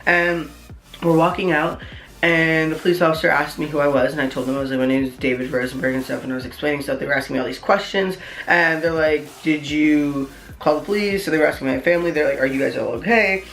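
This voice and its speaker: A young man vlogger telling a story in a casual, rambling way, full of "like" and excited asides. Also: on the high side, fast, creaky, roomy sound. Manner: rambling, heavy on "like", excitable retelling.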